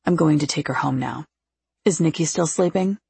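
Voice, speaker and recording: A woman voicing a quiet, brooding man with a husky, gravelly voice and terse delivery. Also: sits low, moderate pace, dry recording, heavily acted. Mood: curt.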